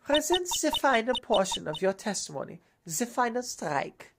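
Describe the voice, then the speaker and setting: A woman's voice: on the high side, big pitch swings, moderate pace, creaky, noisy background, voice pushed up. A woman voicing a cold, haughty young female prosecutor in a put-on German accent, reading game dialogue aloud. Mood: taunting. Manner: cold, taunting.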